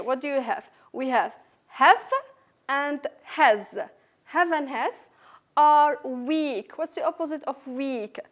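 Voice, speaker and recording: With a voice that sits high, a French-accented woman teaches a recorded English revision lesson. She goes slowly, repeating each word and sentence so her learners can follow.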